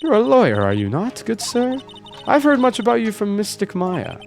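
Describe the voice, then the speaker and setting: A man's voice: high voice, huge pitch swings, moderate pace, creaky, a little mellow, faint music behind, pitched above the performer's own voice, exaggerated voice. A man voicing a stern, formal older woman, an aunt who is a spirit medium, speaking in a proper, old-fashioned way. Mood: haughty.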